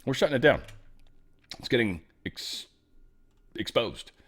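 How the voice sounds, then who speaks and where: A man's voice: medium pitch, big pitch swings, measured pace. A man hosting a casual political commentary show, talking in an irreverent, joking way and swearing freely. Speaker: host.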